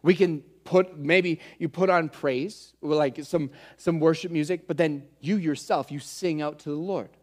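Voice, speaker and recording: A man's voice: fairly high pitch, a little slow, hardly any pauses, a little mellow. A man preaching a conversational teaching sermon, earnest and speaking straight to his listeners as he explains word meanings.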